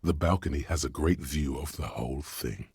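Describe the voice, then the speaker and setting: A man voicing the measured inner narrator of a detective video game. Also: very deep voice, darkish tone, husky, dry recording, clean studio sound, exaggerated voice. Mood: ominous.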